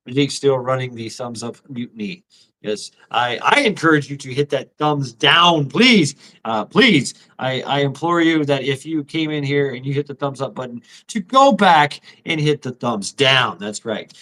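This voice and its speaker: A man's voice: fairly high pitch, sharp tone. A middle-aged man hosting a casual livestream, crude and profane, laughing often and sounding tired and out of breath. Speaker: livestream host.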